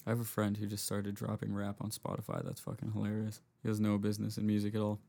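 A young man hosts a loose, casual chat, spinning slangy and profane stories. His voice sits low with a gravelly rasp at the ends of his phrases. He acts out the people in his stories as he goes. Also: lively intonation, fast, warm tone. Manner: slangy and profane, storytelling with acted quotes. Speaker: podcast host.

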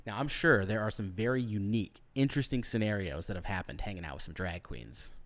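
A man with a fairly low voice hosts a relaxed interview. He asks questions with a joking, playful edge. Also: quick pace. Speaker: host. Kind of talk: casual interview.

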